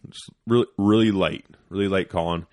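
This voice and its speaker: A man with a very low, deep voice tells a story on a casual podcast. He is animated and swears a lot, and he drops to a hushed whisper when he quotes himself. The sound is close and dry, with no room around it. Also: brisk, no room sound. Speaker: podcast host.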